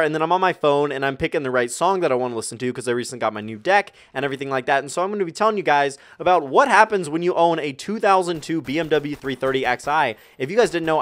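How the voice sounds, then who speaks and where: A young man vlogging a storytime rant, animated and profane, rambling with lots of fillers. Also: on the high side. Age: young adult.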